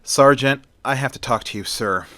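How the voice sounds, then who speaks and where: A man voicing a weary, haunted male highway cop with a clipped, tired way of talking, in an amateur story reading. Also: moderate pace, pushed and bright, no echo, close to an everyday voice.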